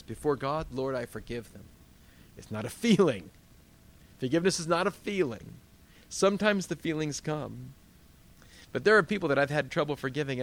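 A man preaching a sermon as a pastor at a church service, animated and emphatic, with frequent rhetorical questions. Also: medium pitch.

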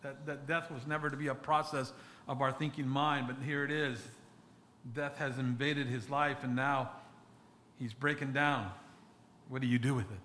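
A man preaching a sermon as a pastor, speaking earnestly and haltingly, often restarting and repeating words. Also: medium pitch, fairly even intonation, sharp tone, a little hiss or hum.

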